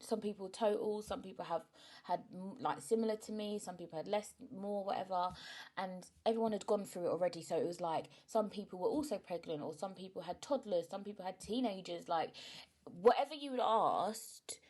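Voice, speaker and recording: A woman's voice: medium pitch, a little fast, a little mellow. A young woman hosting a solo podcast, talking frankly and chattily, and emotional today. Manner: frank and chatty, often asks "do you know what I mean". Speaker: podcast host. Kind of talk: candid solo podcast monologue.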